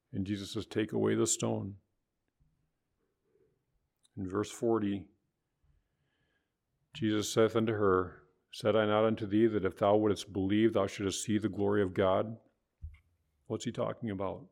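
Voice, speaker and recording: A man preaching a sermon, quoting scripture, rising higher and louder when voicing others and dropping soft for gentle words. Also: steady tone, normal speed, gravelly, long pauses. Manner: rises in pitch and volume for quoted voices, drops soft for tender words; preaching with biblical quotations.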